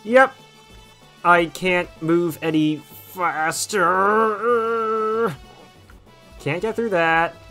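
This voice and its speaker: A man's voice: high voice, fairly even intonation, drawn-out words, pauses often, pushed and bright, soft background music. A man giving casual gameplay commentary with wry, sarcastic asides. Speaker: let's play gamer.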